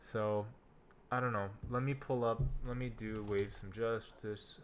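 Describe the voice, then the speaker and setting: A man's voice: lowish voice, fairly even intonation, measured pace. A young man hosting a crypto livestream, trading laid-back jokes in casual banter. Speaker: crypto streamer, host. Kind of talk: casual stream chat.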